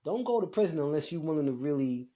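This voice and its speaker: Husky-voiced man telling a story. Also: on the high side, fast talker. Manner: animated storyteller, swears freely. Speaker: podcast co-host. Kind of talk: casual storytelling chat.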